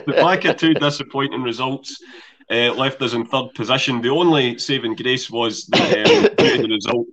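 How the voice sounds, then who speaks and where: A man's voice: medium pitch, sing-song, moderate pace, fairly bright tone, low-quality recording. A man hosting a podcast, easygoing and recapping with frequent fillers. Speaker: podcast host. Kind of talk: casual chat.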